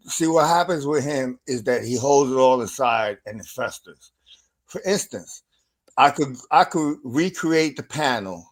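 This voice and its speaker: A man co-hosting a casual livestream, ranting in an animated, profane way. His voice sits at an ordinary middle pitch. He swings between loud bursts and quieter asides. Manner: animated, profane, laughing rants.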